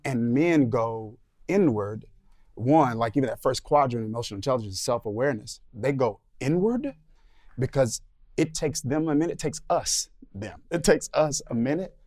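A man's voice: mid-range voice, normal speed, darkish tone. A man on a discussion panel, talking thoughtfully and searching for his words. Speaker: panel guest.

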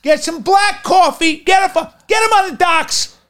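A podcast host putting on a brash, threatening tough-guy New Yorker with a Brooklyn accent, shouting and profane. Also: very high voice, lively intonation, measured pace, pitched above the performer's own voice, heavily acted. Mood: shouting bluster. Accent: put-on Brooklyn New York.

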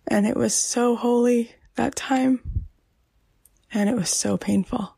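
A middle-aged woman hosting a podcast, sharing a personal story slowly and softly, often half-whispering. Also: fairly high pitch, steady tone, gravelly, husky, no echo. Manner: slow, soft, half-whispered and tearful. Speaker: podcast host.

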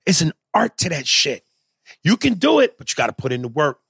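Gravelly husky guy chatting, big swings in pitch, dry close sound. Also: a little fast, no room sound. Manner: animated, profane, jumps into loud excited bursts. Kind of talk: casual chat.

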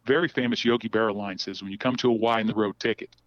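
With a lowish, steady voice at a quick pace, a middle-aged podcast guest rambles through long personal stories, frequently starting over. It's casual storytelling, recorded with a dull, dry, lo-fi sound.

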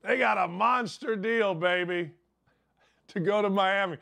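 A man's voice: high-pitched, unhurried, creaky, sharp tone. An older man hosting a sports talk show, ranting in a brash, sarcastic, rambling way. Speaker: sports radio host. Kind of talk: opinionated sports talk monologue.

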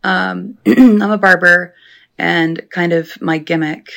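A woman's voice: on the low side, fairly even intonation, slow, gravelly, fairly bright tone. A woman who works as a barber, leaving a rambling voicemail question to a podcast. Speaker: caller, barber.

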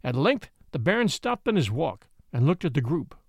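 A man narrating a historical tale in an expressive, theatrical storytelling manner. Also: fairly high pitch, normal speed, vocal fry, slightly rough, no echo. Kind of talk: dramatic audiobook narration.

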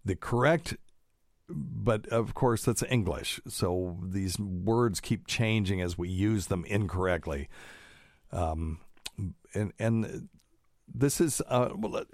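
A man with a very low voice talks in a loose, rambling way, full of ums and side tracks. The sound is dry and close, with no room around it. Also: no room sound. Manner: rambling, digressive, many fillers. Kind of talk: casual talk, reading news aloud.

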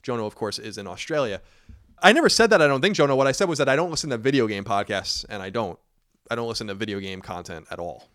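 A man hosting a casual podcast, blunt and quick, swearing now and then into a close mic. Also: medium pitch, lively intonation, fairly bright tone, no room sound. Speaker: podcast host.

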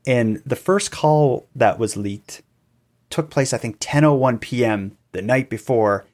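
A man, a podcast guest in an interview, telling events at length and acting out quoted voices. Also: measured pace. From Canada. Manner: animated storytelling, acting out quoted calls with rising pitch. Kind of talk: conversational interview.

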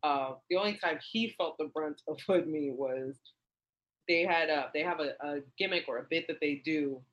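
A woman in her thirties, a comedian guest telling a story in casual chat, animated and acting out quotes in a raised voice. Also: low voice, normal speed, highs cut off, slight background noise.

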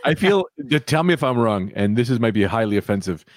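Animated rambling man, dry close mic. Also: mid-range voice, fairly quick, no echo. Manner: rambling, animated, jumps into exaggerated voices for bits. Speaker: podcast co-host. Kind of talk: casual comedic chat.

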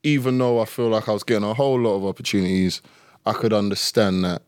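A man guesting on a podcast, telling stories in a lively, casual way and swearing freely. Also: on the low side, fast, smooth, no room sound, clean studio sound. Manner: animated storyteller who swears casually. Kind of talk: casual chat.

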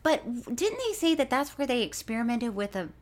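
A woman co-hosting a podcast, telling stories in a casual, animated way and laughing often. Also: a little high, brisk. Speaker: podcast co-host.

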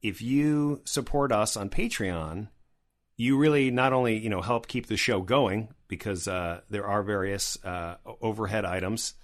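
A man's voice: lowish voice, measured pace. A man co-hosting a podcast in casual chat, enthusiastic and rambling with frequent restarts. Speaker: podcast co-host.

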